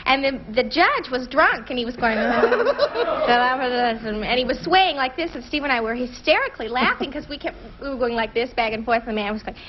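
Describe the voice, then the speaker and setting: Giggly, high-voiced woman telling a story. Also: lively intonation, moderate pace, background noise. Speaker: celebrity guest contestant. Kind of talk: anecdote on a game show. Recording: dull 1970s TV recording.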